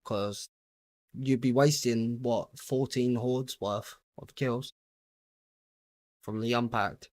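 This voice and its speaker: A young British man chatting casually with his viewers while playing a game on a livestream, relaxed and easygoing as he greets viewers and answers their questions. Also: mid-range voice, slow, pauses often, no echo, clean studio sound. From United Kingdom. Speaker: gaming livestreamer.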